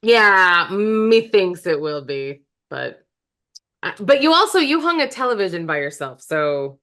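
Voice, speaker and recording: A woman's voice: mid-range voice, big pitch swings, a little slow, fairly bright tone. A woman chatting casually with her brother and chiming in with sympathetic reactions. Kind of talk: casual chat.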